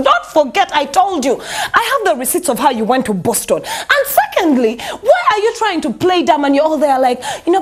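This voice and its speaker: A woman's voice: high-pitched, sing-song, moderate pace. A Ugandan woman hosting a celebrity gossip show, sassy and mocking, laughing through her commentary.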